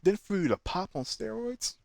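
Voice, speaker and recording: A man's voice: sits high, normal speed, vocal fry, dry recording, studio quality. Opinionated man in casual fan talk. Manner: opinionated, animated, slangy. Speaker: channel host.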